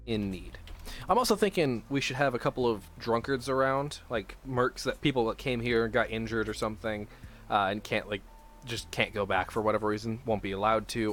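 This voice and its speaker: A man's voice: fairly low pitch, fairly bright tone. A man chatting casually on a live stream from his room at home, planning a tabletop setting aloud and swearing freely.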